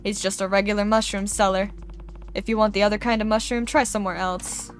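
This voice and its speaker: A woman reading the lines of a polite male mushroom shop seller in a quick, apologetic way. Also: medium pitch, fairly even intonation, natural voice.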